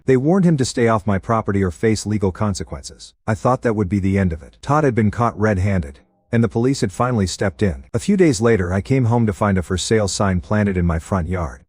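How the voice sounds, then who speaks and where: A man narrating a first-person story in a steady, scripted reading style. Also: on the low side, husky, dry recording, clean studio sound.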